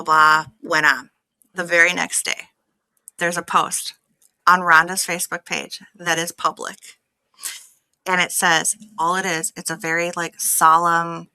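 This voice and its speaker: Woman, casual storytelling, bright tone, dry sound. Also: low-pitched, smooth, no room sound, rough recording. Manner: animated retelling, acts out quoted exchanges. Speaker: guest telling her story.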